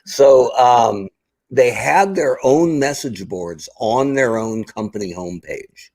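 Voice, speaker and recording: A man's voice: medium pitch, slow pace, dry recording, low-quality recording. A middle-aged man, a guest on a podcast, chatting casually and acting out the exchanges he tells about. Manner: animated storyteller, acts out quoted exchanges.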